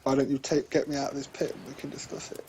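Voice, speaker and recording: Man playing a gravelly, defiant captive lord, plain read. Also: medium pitch, little pitch movement, quick pace, mellow, slight background noise, lightly acted, poor audio.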